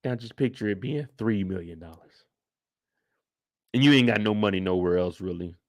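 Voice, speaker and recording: A young man hosting a casual live after-show, talking in loose slang and acting out reactions with sudden loud outbursts. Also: on the low side, normal speed. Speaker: host.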